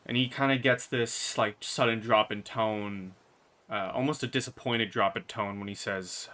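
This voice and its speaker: A man's voice: lowish voice, steady tone, normal speed, pushed and bright. A man narrating a tabletop game as game master, describing scenes in detail.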